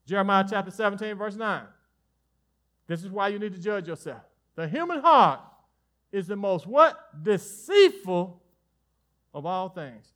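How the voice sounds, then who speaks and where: High, bright-voiced preacher. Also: male voice, moderate pace. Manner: animated preaching with sudden drops to soft asides; folksy, joking with the congregation. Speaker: pastor. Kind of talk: sermon.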